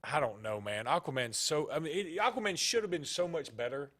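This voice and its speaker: Man, sports radio co-host, casual banter, opinionated, slightly higher voice. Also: animated, a bit bright. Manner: opinionated, quick reactions.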